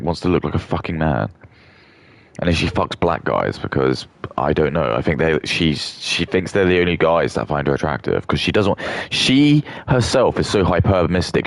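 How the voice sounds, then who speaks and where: A man's voice: extremely low pitch, gravelly, no room sound. A young man rambling through a contemptuous rant as a streamer. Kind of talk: ranting casual monologue.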